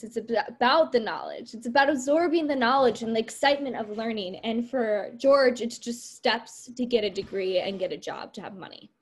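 A woman teacher recapping and discussing a play in a casual way, thinking aloud with frequent ums. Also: a little high.

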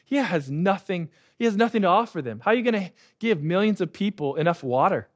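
A man's voice: high-pitched, animated, brisk. A man preaching a sermon as pastor, conversational and often checking in with "right?".

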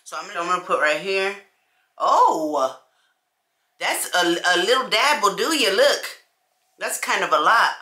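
A woman chatting casually to camera as a beauty vlogger, animated and talking straight to her viewers. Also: medium pitch, measured pace, long pauses. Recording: echoey room.

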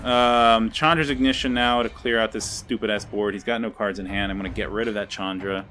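A man's voice: on the low side, steady tone, fairly quick, sharp tone, slight background noise. A young man commenting on his own card game as he plays, often swearing and ranting in frustration. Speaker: gameplay video creator. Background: faint background music.

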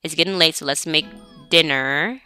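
A woman's voice: deep voice, normal speed, bright, forceful tone, smooth, faint music behind. A woman giving casual, chatty gameplay commentary, talking straight to her game characters as she plays. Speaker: let's play gamer.

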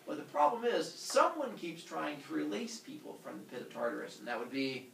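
A man teaches a class, recounting a myth as a comic tale and doing squeaky, silly voices for each character in an animated way. His voice is gravelly and a little fast, with some hiss or hum. He's recorded far from the mic in an echoey classroom where students can be heard.

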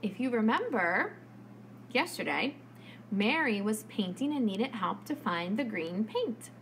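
A woman preschool teacher leads a lesson for small children. She speaks slowly and clearly in a bright, sing-song tone, her fairly high voice rising and falling as she talks. A faint hum sits behind her.

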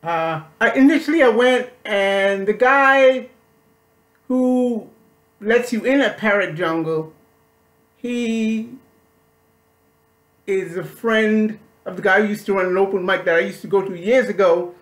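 A male comedian talking casually to his viewers, rambling and repeating himself with halting restarts. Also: high voice, a bit bright, reverberant. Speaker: comedian and vlogger. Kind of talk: casual chat to camera.

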